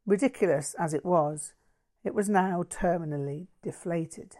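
A woman narrating a first-person memoir aloud in a dry, wry, measured way. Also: fairly low pitch, dark tone. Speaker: audiobook reader.

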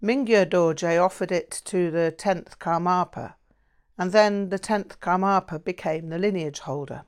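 A well-informed Buddhist woman who explains things step by step, read by a woman narrator. Her delivery is low and slow, measured rather than dramatic. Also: smooth, close to an everyday voice. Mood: explaining. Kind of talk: audiobook reading.

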